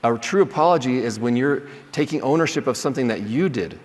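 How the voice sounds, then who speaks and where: A man teaches a class in an easy, conversational way, often pausing to ask "right?" His voice sits in a middle pitch, and it rings with the long reverb of a large hall. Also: animated. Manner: conversational, checks in with "right?", acts out sample apologies. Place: lecture hall.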